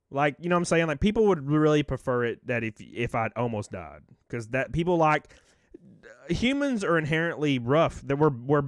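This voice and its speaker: A man's voice: mid-range voice, no echo. Casual joking male streamer, dry sound. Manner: rambling, joking, swears freely, thanks viewers warmly. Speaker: live streamer. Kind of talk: casual live-stream chat, reading viewer messages.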